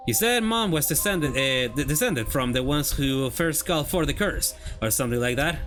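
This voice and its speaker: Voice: medium pitch, animated, moderate pace, fairly bright tone, soft background music. A streamer voicing the main character's lines in a story game, reading expressively and tripping over words now and then. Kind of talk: let's-play voicing of dialogue.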